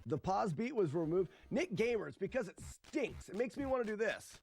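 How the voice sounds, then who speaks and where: A man streaming a retro game, giving animated live commentary that is joking and peppered with swearing. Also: sits high, normal speed, faint music behind.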